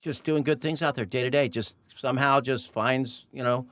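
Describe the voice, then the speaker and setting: Male host, relaxed rambling chat, dry booth sound. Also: mid-range voice, moderate pace, no room sound. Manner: rambling, many fillers and restarts. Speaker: podcast host. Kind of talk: casual podcast chat.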